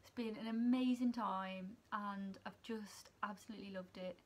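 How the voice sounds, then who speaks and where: A young woman, a student nurse chatting casually to her vlog camera, emotional and quick to laugh. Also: mid-range voice, fairly even intonation, a little hiss or hum. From England. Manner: emotional, chatty, laughs often, near tears.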